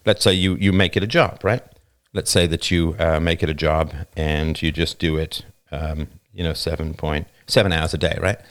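A man with a notably low voice hosts a livestream, speaking into a studio microphone. He talks off the cuff in an emphatic, punchy monologue and keeps checking in with the listener with a quick "right?". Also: steady tone. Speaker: livestream host. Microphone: new studio microphone.

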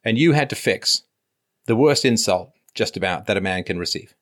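A man with a somewhat low voice hosts a call-in advice show. He lectures the caller in an emphatic, insistent way, sometimes slipping into mocking impressions of what other people said. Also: lively intonation, normal speed.

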